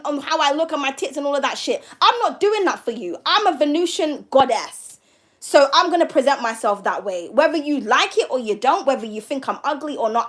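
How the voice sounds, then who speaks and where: A woman's voice: high voice, a bit bright. A woman tarot reader ranting to her viewers from home, blunt and profane, firing off mocking rhetorical questions. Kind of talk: casual rant to a live audience.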